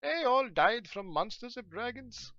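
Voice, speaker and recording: A man voicing an old, friendly, hard-of-hearing male guildmaster in a video game, with a wobbly put-on foreign accent and slow, drawn-out speech. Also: extremely high pitch, lively intonation, a bit bright, highs cut off, soft background music, pitched above the performer's own voice, exaggerated voice. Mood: welcoming.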